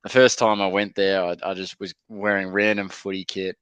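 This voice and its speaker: Laid-back young man, smooth low voice. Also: level tone, normal speed, fairly bright tone, dry recording, highs cut off. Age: young adult. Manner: laid-back, chatty, lots of fillers and mates' slang. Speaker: podcast guest, rugby league player. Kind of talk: casual interview storytelling.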